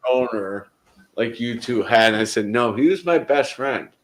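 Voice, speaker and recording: A man's voice: medium pitch, normal speed, reverberant, rough recording. A man in casual group conversation, telling a heartfelt story in a rambling way, often restarting his sentences. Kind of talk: casual chat.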